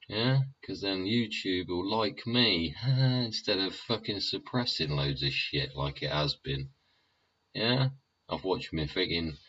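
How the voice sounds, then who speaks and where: Low, slow, husky male host, sweary rambler, lo-fi sound. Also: fairly bright tone. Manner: rambling, profane, keeps tagging lines with "yeah?". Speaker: YouTube show host. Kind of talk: sweary ranting monologue. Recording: dull lo-fi recording.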